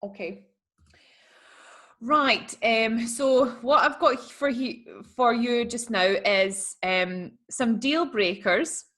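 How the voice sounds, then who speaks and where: A woman's voice: a little high, slow, fairly bright tone. A young woman co-hosting a podcast in casual chat, rambling through stories with lots of fillers. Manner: chatty, rambling storyteller, many "like" fillers. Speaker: podcast co-host.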